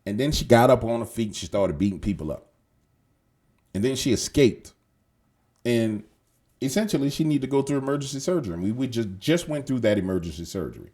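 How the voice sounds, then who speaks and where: A man's voice: mid-range voice, lively intonation, fairly quick, mellow. A man hosting casual news commentary, slangy and emphatic, swearing and repeating himself as he rambles. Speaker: show host.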